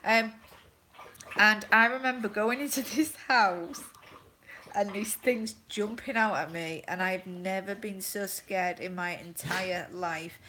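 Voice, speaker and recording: A woman talking live to her viewers, wandering through stories full of "um" and "like" and often breaking into laughter. Her pitch sits mid-range and her tone is unforced and conversational. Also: slow pace, pushed and bright, slight background noise, poor audio. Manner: rambling, filler-heavy storytelling with laughter. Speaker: vlogger and mother. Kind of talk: casual livestream chat.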